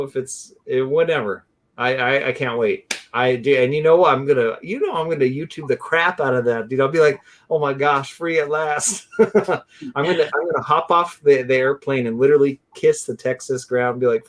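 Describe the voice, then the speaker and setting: A man hosting a live barbecue stream, chatting in an excitable, rambling way and saying "dude" a lot. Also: medium pitch, moderate pace. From California. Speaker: host of a live barbecue show. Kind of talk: casual live-stream chat.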